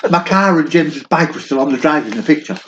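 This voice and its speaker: In his fifties, this podcast co-host tells stories in casual chat and laughs often, his voice fairly high and fairly bright. The recording sounds dull and lo-fi, with faint noise.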